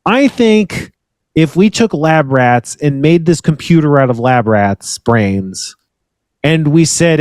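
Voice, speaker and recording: A man's voice: a little high, lively intonation, a little slow, darkish tone, no room sound, clean studio sound. A man co-hosting a podcast in casual chat, rambling and swearing, often restarting his sentences. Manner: rambling, swearing, self-interrupting. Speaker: podcast co-host.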